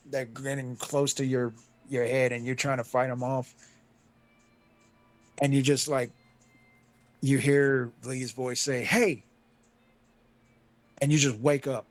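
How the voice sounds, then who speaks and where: Male game master, unhurried, swears and chuckles, mid-pitched voice. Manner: casual, laughing, swearing. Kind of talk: narrating a tabletop horror game.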